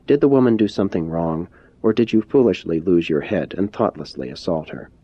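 A man reading the lines of a gentle, persuasive adult male teacher in a measured, earnest and courteous manner. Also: low voice, lively intonation, slightly rough, dry recording. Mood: gentle, probing. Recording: dull lo-fi recording.

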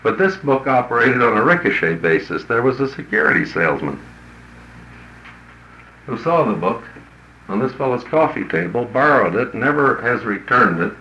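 A man's voice: medium pitch, lively intonation, moderate pace, sharp tone. A man who works as a business consultant tells a story to an audience in a folksy, blunt, colloquial way. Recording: roomy, dull lo-fi recording.

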